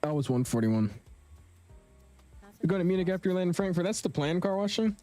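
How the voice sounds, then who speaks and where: Faint music plays behind a young man streaming a flight sim, who chats in slang with viewers and reads their messages aloud. He speaks briskly in a high-pitched, expressive voice with a dark tone.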